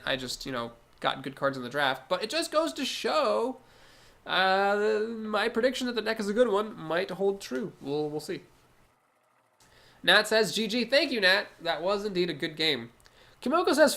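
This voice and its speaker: A man's voice: a little high, sharp tone. A man with a cold, sounding nasal, talking through his card game moves aloud as a streamer. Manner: analytical, talks through each move aloud. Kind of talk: casual gameplay commentary.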